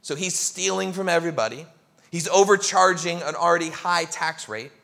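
A male pastor preaching a sermon, telling a story with lively acted-out crowd voices. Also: fairly high pitch, moderate pace, gravelly.

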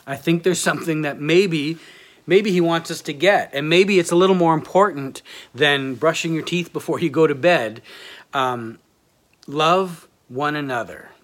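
A man's voice: fairly high pitch, unhurried, fairly bright tone. A man preaching a sermon in a plain, self-deprecating way, reading aloud from a book and from scripture.

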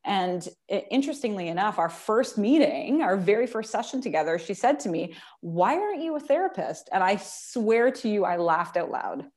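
A woman's voice: mid-range voice, lively intonation, moderate pace, hardly any pauses, a little mellow. A middle-aged woman counsellor, a podcast guest, telling her story in casual chat with lots of emotion and laughter.

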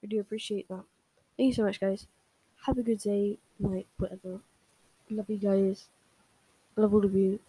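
A woman's voice: mid-range voice, flat delivery, moderate pace, long pauses, dark tone, breathy edge, no room sound, poor audio. A young woman talking casually to her viewers and rambling with many fillers and restarts. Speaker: fan video host. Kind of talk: casual talk and reading fan fiction aloud.

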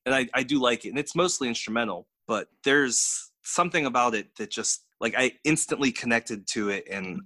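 A man's voice: mid-range voice, animated, moderate pace, few pauses, sharp tone, dry recording. A man co-hosting a podcast in casual chat, gushing with enthusiasm about music he loves. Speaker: podcast co-host.

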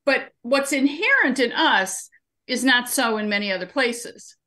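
A woman's voice: fairly high pitch, animated, measured pace, bright, forceful tone. A woman guest in an interview, explaining her civic training work through everyday examples and anecdotes. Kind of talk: conversational interview answers.

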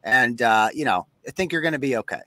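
A man's voice: medium pitch, lively intonation, fast talker, sharp tone, dry recording. A man hosting a live podcast, ranting sarcastically and cursing freely. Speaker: host.

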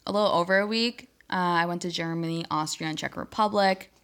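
A young woman from Buffalo co-hosts a podcast in easy, unscripted chat. Her voice sits low but carries a bright, forceful tone. She strings thoughts together with plenty of "like" and tosses in swear words without a second thought. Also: fairly quick. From Buffalo, New York, USA. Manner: relaxed, filler-heavy, swears freely. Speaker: podcast co-host. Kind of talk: casual chat.

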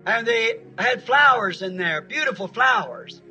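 A man from Arizona preaches a sermon as a story, folksy and plain-spoken, with homespun grammar. His voice is very high and bright. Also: expressive, measured pace, faint music behind, rough recording.

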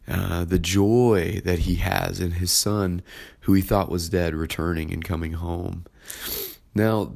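A male pastor giving a sermon who retells the story in a conversational way, with frequent fillers. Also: deep voice.

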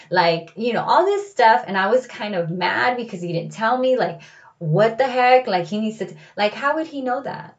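A woman's voice: fairly high pitch, animated, normal speed, muffled recording. A woman telling a personal story in a candid, reflective way, often saying "like" and "you know.".

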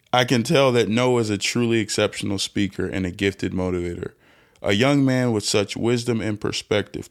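A young man hosting a solo podcast rant, animated and self-interrupting, swinging between loud bursts and hushed asides. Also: on the low side. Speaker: podcast host. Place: indoors, lying down recording at home.

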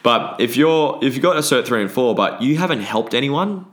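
A man's voice: medium pitch, lively intonation, moderate pace, fairly bright tone. A man, hosting a podcast and talking bluntly in a casual monologue, often swearing. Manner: blunt and frequently swearing, with restarts. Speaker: podcast host.

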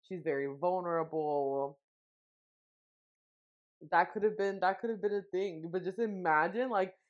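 A young woman co-hosting a podcast, chatting casually and rambling with lots of fillers, getting emotional. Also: fairly low pitch. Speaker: podcast co-host. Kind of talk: casual chat. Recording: dull lo-fi sound.

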